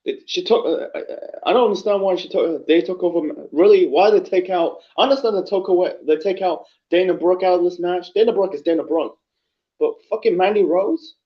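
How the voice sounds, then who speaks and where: A man talks through a casual review in a high, rambling voice, tripping over his words and dropping frequent swears. The recording is muffled and lo-fi. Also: brisk. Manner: rambling, profane, frequent fillers and restarts. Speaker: wrestling reviewer. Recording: dull lo-fi recording.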